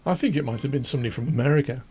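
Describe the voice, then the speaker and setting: A man hosting a drawing channel, chatting casually and rambling as he draws, self-deprecating and laughing often, with a croaky voice. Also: medium pitch, warm tone. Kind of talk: casual chat while drawing. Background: faint classical music.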